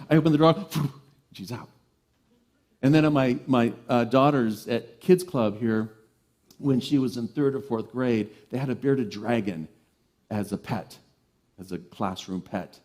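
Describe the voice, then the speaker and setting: A male reverend delivers a sermon with a warm, mellow voice at a middle pitch. He is animated and playful, slipping into stories with plenty of lift. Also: fairly quick. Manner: animated, playful, lively storyteller.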